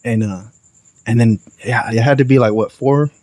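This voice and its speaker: Animated young man telling a story. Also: mid-range voice, moderate pace, dry recording. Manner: animated, profane, slangy storytelling with acted quotes. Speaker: podcast guest. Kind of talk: casual storytelling.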